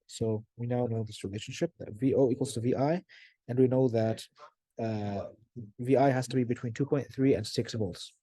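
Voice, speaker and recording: A young man talks through a circuit problem step by step, pausing on fillers and correcting himself as he goes. His voice is mellow and a little husky. It is recorded close and dry, with no room sound. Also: mid-range voice, steady tone, no room sound. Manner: thinking aloud with frequent fillers and self-corrections. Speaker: tutor.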